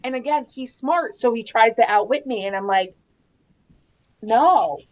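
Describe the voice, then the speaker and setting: A woman in her thirties chatting casually about parenting, animated and laughing often as she acts out quotes. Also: a little high, fairly quick. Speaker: guest mom. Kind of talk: casual chat.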